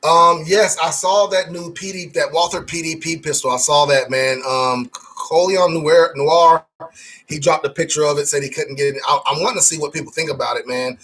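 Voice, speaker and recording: A man's voice: fairly high pitch, steady tone, moderate pace, fairly bright tone, breathy edge. A man hosting a casual live stream, reading chat comments and talking loosely with stammered restarts. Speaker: livestream host reading chat.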